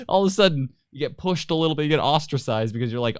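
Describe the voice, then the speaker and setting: A man co-hosting a podcast in casual chat, laughing often and getting animated when he mocks others. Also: fairly high pitch, racing, hardly any pauses, clear, resonant tone, no echo, studio quality. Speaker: podcast co-host.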